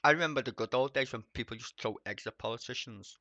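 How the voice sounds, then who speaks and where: A man's voice: mid-range voice, quick pace, sharp tone, dry recording, dull audio. Sweary man rambling over news. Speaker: streamer. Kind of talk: casual political commentary.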